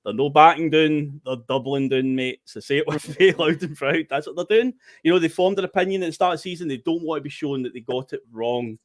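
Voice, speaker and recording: A man's voice: a little high, fairly quick, hardly any pauses, no echo. A Scottish man co-hosting a football podcast, making his point emphatically. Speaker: podcast co-host. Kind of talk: casual football podcast chat.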